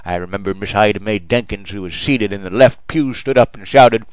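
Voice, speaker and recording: A man's voice: on the low side, steady tone, brisk, smooth, dry recording, low-quality recording. A man preaching a mock sermon in a storytelling manner.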